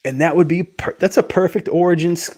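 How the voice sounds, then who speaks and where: A man's voice: on the high side, fairly even intonation, a little fast, darkish tone. A man co-hosting a casual podcast chat, laid-back and wry, sighing now and then. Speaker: podcast co-host.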